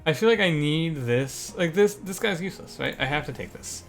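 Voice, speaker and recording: A young man streams a card game and talks it through in a higher, bright, expressive voice at moderate speed, with gentle music in the background. Thinking aloud, he restarts often and drifts into exasperated rants.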